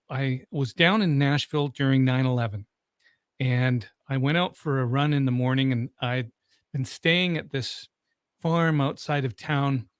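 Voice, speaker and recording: A man hosting an interview, telling a story in a relaxed, rambling way. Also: mid-range voice, clear, resonant tone, no room sound, clean studio sound. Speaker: host. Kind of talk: conversational interview.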